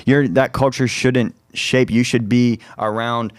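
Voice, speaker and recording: A man's voice: medium pitch, fairly even intonation, unhurried, no echo, studio quality. Young man chatting on a church podcast. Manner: rambling, many fillers, laughs loudly when amused. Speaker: youth ministry podcast host. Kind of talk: casual chat.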